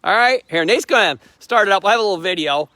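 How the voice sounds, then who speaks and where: A man's voice: high-pitched, animated, fast, sharp tone, no room sound. A middle-aged man hosting a casual walkaround, telling a rambling, plain-spoken story in a folksy way. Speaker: host, tractor dealer.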